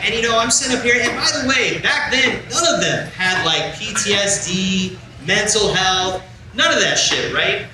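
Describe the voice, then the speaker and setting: High-voiced comic in an echoey club. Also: male voice, moderate pace, hardly any pauses. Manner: storytelling, acting out both sides of a dialogue. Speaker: stand-up comedian. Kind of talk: stand-up comedy set. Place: comedy club stage. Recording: roomy club, far from the mic, loud crowd noise. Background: audience laughter.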